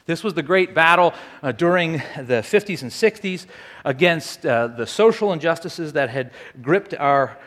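A man addresses a gathered audience informally, mixing dramatic recitations with quizzing them, and his speech is full of fillers and restarts. His voice is a little high, animated and a bit bright, at a normal speed. The long reverb of a large hall surrounds him.

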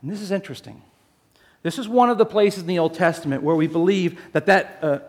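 A man preaching a sermon, telling a story in a lively, jokey way and speaking straight to the congregation. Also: high voice. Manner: animated, jokey storytelling addressing the congregation as folks. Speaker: pastor.

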